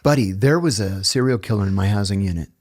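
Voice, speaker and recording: A man, a guest author, telling stories in casual chat, animated and blunt, with the odd curse. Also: on the low side, fast talker. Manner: animated, blunt, profane storyteller. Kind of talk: casual storytelling in a podcast chat.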